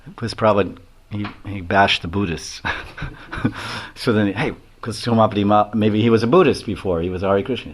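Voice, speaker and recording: Low-voiced rambling lecturing man. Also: a little fast. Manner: rambling, chuckles often, acts out quotes. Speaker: swami giving a lecture. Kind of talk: devotional lecture with storytelling.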